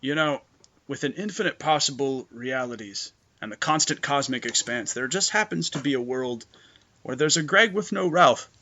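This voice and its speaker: A man voicing a weary, reflective man who speaks with quiet resignation. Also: medium pitch, moderate pace. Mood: resigned.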